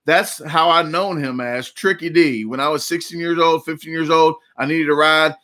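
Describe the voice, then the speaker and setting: A man's voice: a little high, steady tone, moderate pace, pushed and bright. A man in his forties with a Southern US accent, hosting a casual live chat and telling rambling, jokey stories. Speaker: livestream host.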